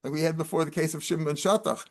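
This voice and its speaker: A man's voice: on the high side, steady tone, rapid-fire. An older man, teaching Talmud line by line and translating each Aramaic phrase into casual English. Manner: explains Aramaic terms in casual American English, with restarts.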